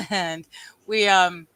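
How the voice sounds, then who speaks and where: A woman's voice: on the low side, fairly even intonation, very slow, bright, forceful tone, clear, resonant tone, no room sound, low-quality recording. A woman co-hosting a casual livestream, laughing easily and chiming in with short agreements. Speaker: livestream co-host. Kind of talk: casual chat.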